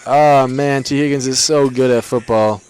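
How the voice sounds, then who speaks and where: A young man with a smooth, clean voice hosts a casual livestream. He talks loosely and bluntly, throwing in slang and answering his chat as he goes. His pitch sits in an ordinary middle range for a man. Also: steady tone, moderate pace, a little mellow. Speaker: livestream host.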